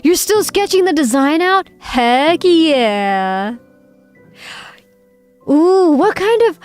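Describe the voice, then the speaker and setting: A woman's voice: high voice, darkish tone. A woman streamer in a casual livestream chat, playful and giggly, reading viewers' messages aloud. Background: faint background music.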